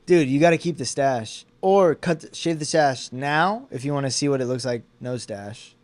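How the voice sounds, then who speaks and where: A man's voice: medium pitch, normal speed, darkish tone, dry recording. A man co-hosting a casual comedy podcast, tipsy and rowdy, joking around with his friend. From Arizona. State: tipsy after a few beers. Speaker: podcast co-host.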